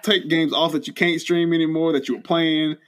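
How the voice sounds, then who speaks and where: A man's voice: on the high side, steady tone, fairly quick, a bit bright. A man co-hosting a casual gaming podcast, laid-back and slangy, chiming in with quips. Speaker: podcast co-host.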